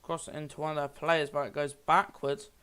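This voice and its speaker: A man's voice: a little high, little pitch movement, brisk, sharp tone, smooth. A man giving amateur play-by-play commentary on a football match, rambling a little and often restarting or correcting himself.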